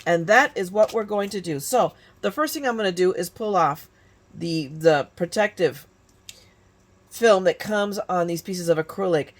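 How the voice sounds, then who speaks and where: A crafting YouTuber in her fifties from California chats casually through a tutorial in a fairly low, expressive voice at a moderate pace. She restarts often and makes self-mocking asides.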